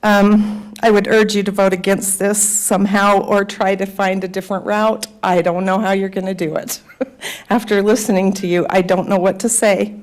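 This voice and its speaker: A middle-aged woman gives public comment at a council meeting. She is close to tears and pauses often. She speaks in a plain, mid-pitched voice. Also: little pitch movement. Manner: emotional, fighting back tears, hesitant. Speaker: resident giving public comment.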